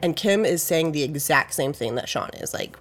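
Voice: medium pitch, lively intonation, moderate pace, a bit bright. Chatty, hedging true-crime podcast host. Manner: loose and chatty, full of "like" and "you know"; hedges facts with "I think" and "I believe". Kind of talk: casual true-crime retelling.

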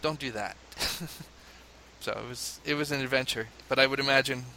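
An animated man from the United States tells a story with a bright, forceful voice. He laughs often and mimics crowd chants. A faint hiss sits under the recording. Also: medium pitch, normal speed, gravelly. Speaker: father telling a story. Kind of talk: casual conversation, anecdote.

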